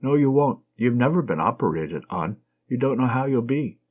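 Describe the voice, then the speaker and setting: On a dull lo-fi recording, a man reads an audiobook and voices a young woman nurse who is teasing and affectionate. His husky voice sits mid-range, slightly raised and swinging lively up and down, at a moderate pace close to everyday speech. The mood is tender.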